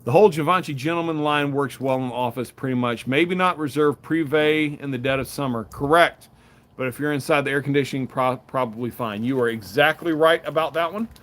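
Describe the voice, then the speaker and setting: A man's voice: medium pitch, brisk, a bit bright. A man in his thirties chatting casually on a home live stream, rambling and openly emotional. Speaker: live stream host reviewing fragrances.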